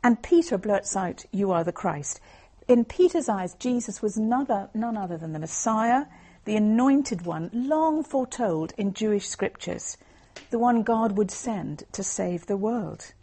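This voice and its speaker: A woman giving an earnest, measured Christian talk to a group, explaining Bible passages as she reads. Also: mid-range voice, animated, mellow. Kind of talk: evangelistic talk with Bible reading.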